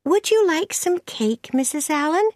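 A woman narrator voicing an excitable, emotional young girl, lifting her voice high and pleading. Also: unhurried, no echo, clean studio sound. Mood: eager.

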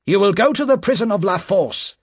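A man voicing a stern, cold male revolutionary official who barks sharp commands in a husky voice, raised well above his narrating pitch. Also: expressive, brisk, no room sound, studio quality, full character voice.

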